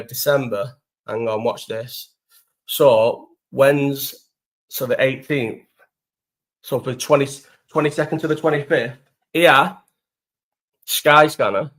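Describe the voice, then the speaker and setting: Young man, Liverpool accent, slightly high voice, sweary, rambling, laughing, live chat host. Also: lively intonation, moderate pace.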